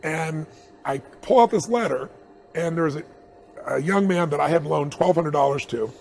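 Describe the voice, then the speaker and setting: A middle-aged man telling a personal anecdote in an interview, animated and chuckling as he acts out the dialogue. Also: fairly high pitch, normal speed, vocal fry. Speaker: interview guest.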